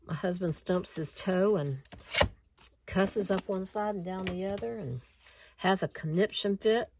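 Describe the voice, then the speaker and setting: A woman's voice: mid-range voice, measured pace, noisy background. A woman hosting a casual craft tutorial at home, chatting with viewers and laughing at herself as she cuts and glues.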